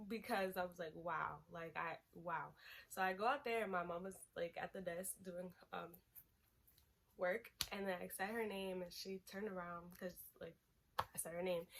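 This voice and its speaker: A young woman talks straight to her viewers in a relaxed storytime. She acts out every line of dialogue and swings from soft, low asides to loud bursts. Her voice sits at an ordinary middle pitch for a woman. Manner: animated, dramatic retelling with quoted voices. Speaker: vlogger. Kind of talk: casual storytime.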